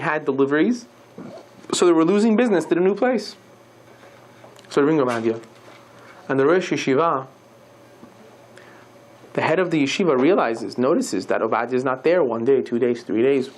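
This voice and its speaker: A rabbi giving a sermon, telling a story and acting out the dialogue with lively shifts in voice. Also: male voice, on the high side.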